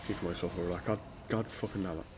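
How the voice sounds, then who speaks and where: A man's voice: low-pitched, fairly even intonation, quick pace, background noise. A man streaming a game live, talking to himself and swearing in frustration, with game music behind him. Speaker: gaming streamer. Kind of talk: live gameplay commentary.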